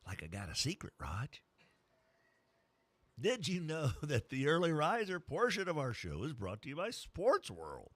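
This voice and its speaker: Male radio host, animated pitch, dry close sound, playful ad reads. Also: measured pace, dry recording. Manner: playful, jokey, mock-whispers and funny voices during ad reads. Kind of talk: morning sports radio banter and live ad reads.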